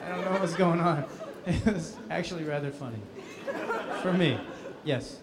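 A man's voice: on the high side, moderate pace, over a noisy crowd, heavy background noise. Laughing male voice actor at a panel. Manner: laughing, animated storytelling. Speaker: voice actor guest at a convention panel. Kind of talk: casual convention Q&A.

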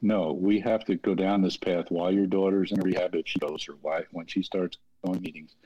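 A man's voice: low-pitched, fairly even intonation, a little fast, mellow. A middle-aged man, an interventionist, explaining his work earnestly in an interview. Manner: earnest, plain-spoken, acts out family dialogue. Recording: dull lo-fi audio.

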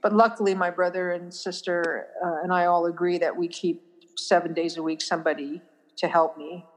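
A middle-aged woman talking earnestly as an interview guest, often restarting and trailing off softly. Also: lowish voice, flat delivery, normal speed. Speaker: family caregiver, guest. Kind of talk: interview conversation. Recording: long reverb in a hall-like room.

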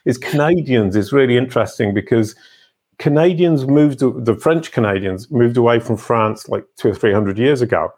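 A man from England, hosting a casual interview in an animated manner, his pitch jumping when he stresses a point. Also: normal speed, breathy edge. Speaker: podcast host.

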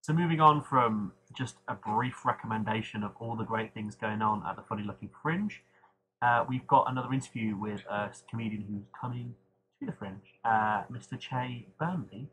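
A man's voice: lowish voice, moderate pace. A man co-hosting a podcast, plainly announcing the next segment. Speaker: podcast co-host. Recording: audible hum.

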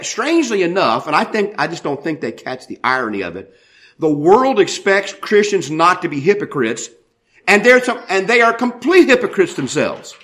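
A man preaching a sermon as pastor, animated and full of rhetorical questions. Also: sits high.

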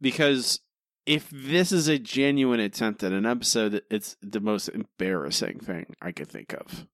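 A man co-hosting a podcast, chatting casually in an animated, exasperated way and laughing often. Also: on the low side, normal speed, no room sound. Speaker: podcast co-host. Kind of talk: casual chat.

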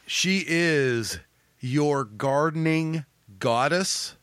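A man hosting a podcast in casual comedic chat, with a gravelly voice, joking and laughing often. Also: fairly high pitch, very slow, fairly bright tone, no echo. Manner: jokey, laughs often, exclamations. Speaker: podcast host.

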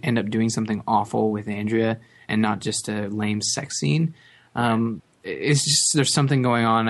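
A man co-hosting a casual podcast, talking over a TV episode with many restarts while he searches for words. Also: fairly low pitch.

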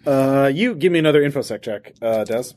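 A man's voice: medium pitch, expressive, brisk, darkish tone, a little hiss or hum. A man narrating as game master for a tabletop game, in a loose, chatty way with frequent laughter.

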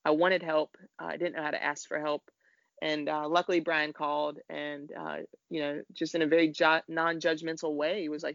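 A man's voice: fairly high pitch, little pitch movement, moderate pace, creaky, fairly bright tone, no echo. A man, a podcast guest, telling a frank, emotional personal story in a conversation and swearing now and then. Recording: dull, lo-fi.

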